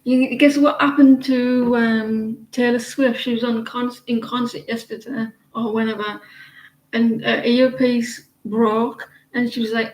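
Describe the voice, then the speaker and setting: Speaking a little slowly in a flat, fairly high voice, this British woman reads tarot and gossips her way through a loose live-stream chat, hesitating often. The room sounds roomy and the recording is rough.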